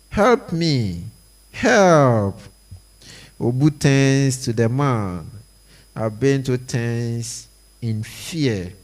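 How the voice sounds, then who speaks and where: Man, play read aloud, very slow pace, deliberate, reads all parts and directions. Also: medium pitch, darkish tone. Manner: slow, deliberate reading of every part and stage direction. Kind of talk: reading a play script aloud.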